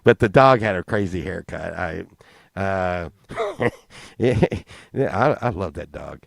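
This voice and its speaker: A man's voice: sits low, animated, slow, creaky, no echo, studio quality. A man telling a crude comic story in a rambling, profane, casual way, laughing along. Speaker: podcast host.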